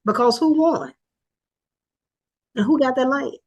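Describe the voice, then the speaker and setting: An older woman gives an informal teaching. Her delivery is earnest and rambling, full of pauses and self-corrections. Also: high-pitched, a little mellow, highs cut off. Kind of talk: casual teaching talk.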